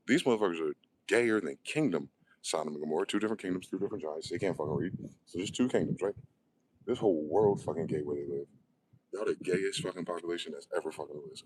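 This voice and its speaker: A man's voice: deep voice, slight background noise, low-quality recording. A man ranting in a profane, combative monologue, asking questions and answering them himself. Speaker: online video host.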